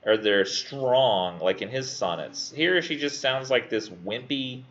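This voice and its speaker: A young man talks through a poem in class, sardonic and lively. His voice is bright and forward. The recording is a little dull and muffled. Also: medium pitch. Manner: animated, sardonic, reads verse slowly with exaggerated voices. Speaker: student presenter in a literature class. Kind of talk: casual classroom discussion.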